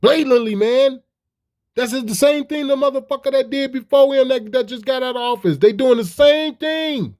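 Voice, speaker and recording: High-voiced man, angry profane commentator, mocking questions. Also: moderate pace, a little mellow. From Chicago. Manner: heated, mocking, rhetorical questions. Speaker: commentator reacting to clips.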